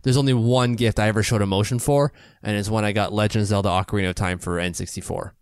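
A man's voice: on the low side, steady tone, fast, clear, resonant tone, no echo, clean studio sound. A man co-hosting a podcast in casual chat, chatty and storytelling. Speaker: podcast co-host.

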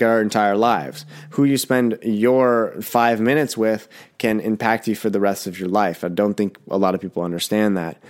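A young man hosting a casual solo podcast, talking bluntly and rambling with swearing, a little sick. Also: on the low side. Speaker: podcast host.

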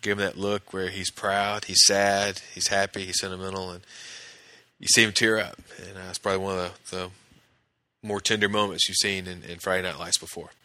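A man with a deep voice that has a forceful edge talks through a TV episode, scene by scene. He quotes the characters in his own voice as he goes. The sound is dry and close. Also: level tone, brisk, no room sound. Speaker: podcast host recapping a TV episode. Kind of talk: casual episode recap.

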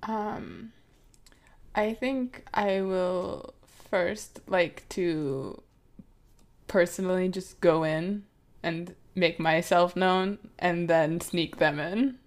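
A woman in a tabletop game session, talking slowly and hesitantly with a lot of ums, at a middle pitch. Her tone is casual and playful. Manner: slow, hesitant, many fillers, playful. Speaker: player. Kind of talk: tabletop game role-play chat.

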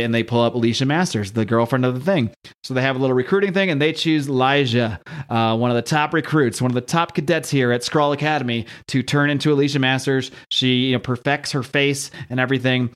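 A man hosting a casual podcast, chatting about a comic, laughing often and reading lines aloud in voices. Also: mid-range voice. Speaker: comic book podcast host. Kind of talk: casual chat recapping a comic.

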